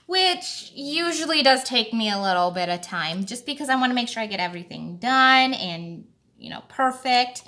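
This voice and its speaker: A woman's voice: fairly high pitch, sharp tone. A woman hosting a card-making tutorial, talking casually and thinking aloud as she works. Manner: slow, chatty, thinking aloud while working. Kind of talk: casual craft tutorial talk.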